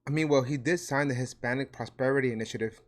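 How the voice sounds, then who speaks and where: A man's voice: medium pitch, fast. A man from Puerto Rico with a New York accent, answering hateful comments as a vlogger, sarcastic and mocking. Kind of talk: reacting to comments.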